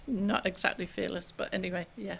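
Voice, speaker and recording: A woman's voice: mid-range voice, wildly swooping pitch, normal speed, creaky, slightly rough. An older woman, a guest author, telling stories in a chatty, giggly way in a casual interview.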